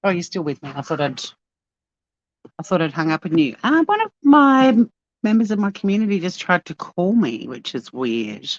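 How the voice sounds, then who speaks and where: A woman's voice: lowish voice, big pitch swings, normal speed, no room sound. An Australian woman chatting casually to her live-stream viewers at a beachside cafe, bubbly and talkative. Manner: chatty, bubbly, talks to chat while walking. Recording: dull lo-fi phone audio.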